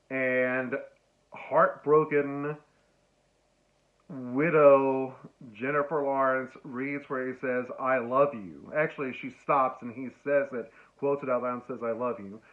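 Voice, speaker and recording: A man giving a casual lecture on film, telling stories and acting out lines with sudden loud bursts. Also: medium pitch. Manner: animated storyteller, acts out quotes with sudden loud squeals. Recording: tinny phone-like sound.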